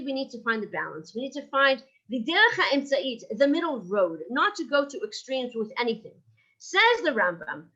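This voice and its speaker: A woman's voice: high voice, bright, forceful tone, muffled recording. A woman teaching a Jewish ethics class, engaging her listeners with rhetorical questions and "right?", and weaving Hebrew terms into her English. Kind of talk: lively lecture.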